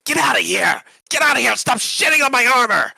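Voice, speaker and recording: A man's voice: fairly low pitch, expressive, moderate pace, creaky, pushed and bright, no echo, exaggerated voice, poor audio. A man voicing a weary female dragonborn temple keeper in a tabletop game, grumbling and rambling in a close, dry sound. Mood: angry. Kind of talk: tabletop role-play character voice.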